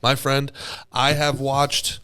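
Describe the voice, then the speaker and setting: A man co-hosting a studio podcast, his voice sitting at an ordinary middle pitch. He trades loose, teasing banter and delivers showy, tongue-in-cheek introductions. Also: level tone, takes it slowly, pushed and bright, clear, resonant tone. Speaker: podcast co-host.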